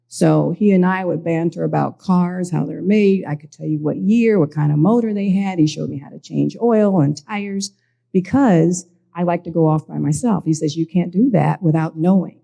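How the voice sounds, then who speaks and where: A woman reflects on her family at a church gathering, pausing and restarting as she goes. Her voice is very dark and heavily gravelly. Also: sits low, dull audio. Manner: reflective, halting with frequent restarts. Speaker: panel speaker, pastor's daughter. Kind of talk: reflective personal storytelling.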